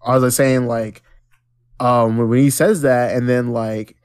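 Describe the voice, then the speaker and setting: A man co-hosting a podcast who chimes in with animated reactions and acts out how he felt in casual chat. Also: mid-range voice, measured pace, smooth. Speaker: podcast co-host. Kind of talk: casual movie review chat.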